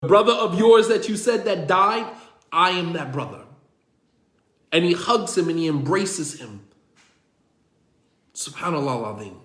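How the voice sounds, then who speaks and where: High-voiced man telling a religious story. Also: animated, a little slow, long pauses, a bit bright, roomy sound. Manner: retells dialogue, repeats lines for emphasis, quotes Arabic. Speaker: religious teacher.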